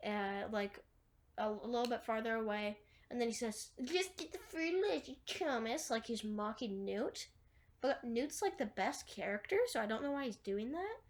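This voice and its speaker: A woman retelling a film scene by scene in a rambling, casual way, full of "like" and restarts. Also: fairly high pitch. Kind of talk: casual movie recap.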